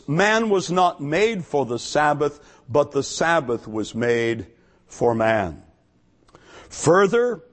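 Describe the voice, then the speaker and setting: A man preaching an expository sermon, teaching in a measured, deliberate way and stressing key words. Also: fairly high pitch.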